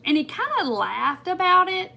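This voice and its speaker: Bright, chatty woman telling a story. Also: very high voice, big pitch swings, normal speed, vocal fry. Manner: rambling, emphatic, talks straight to viewers. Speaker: crafting channel host. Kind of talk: chatty storytelling while crafting on a livestream.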